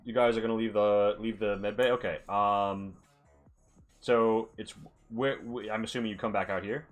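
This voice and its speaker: A low-pitched man narrates as game master for a tabletop role-playing game. He talks hesitantly, stopping often to find his words, while faint music plays underneath. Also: steady tone, moderate pace. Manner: hesitant, filler-heavy narration.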